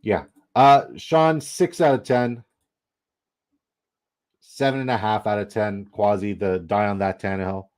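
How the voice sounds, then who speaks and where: Rowdy, low-voiced young man streaming. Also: a little slow, pauses often. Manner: excitable, rambling, profane. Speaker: livestream host. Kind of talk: casual livestream commentary.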